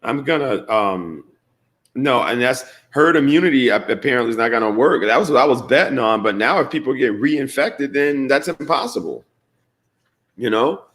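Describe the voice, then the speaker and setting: Brief: man morning-show co-host, mid-pitched, blunt and profane, laughs easily. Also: animated, moderate pace, a bit bright. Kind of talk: casual radio chat.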